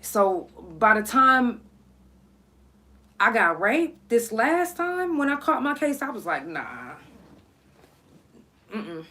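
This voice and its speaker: A woman's voice: medium pitch, bright, forceful tone. A woman podcast host telling a personal story in a candid, blunt, emotional way.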